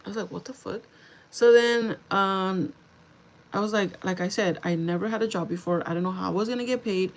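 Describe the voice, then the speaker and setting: A young woman livestreaming, telling a story to her viewers in a chatty, animated way, swearing freely and slipping into Spanish. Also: mid-range voice, brisk, low-quality recording. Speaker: livestream host.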